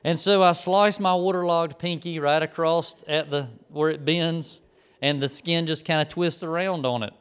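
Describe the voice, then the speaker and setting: Man, middle-aged, sermon storytelling, smooth clear voice, slightly high. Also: normal speed. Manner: animated storyteller, acts out the people in his story. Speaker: preacher.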